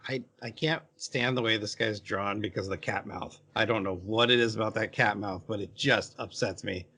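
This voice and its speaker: A man's voice: fairly low pitch, fairly even intonation, moderate pace, bright, forceful tone, breathy edge. A man co-hosting a podcast in casual chat, bluntly exasperated about what he dislikes. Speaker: podcast co-host.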